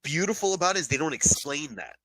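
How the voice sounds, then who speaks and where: A man's voice: fairly high pitch, fast, slight background noise, rough recording. A man co-hosting a podcast, chatting casually and animatedly, swearing now and then. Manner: animated, swearing, acts out quotes. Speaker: podcast co-host. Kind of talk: casual chat.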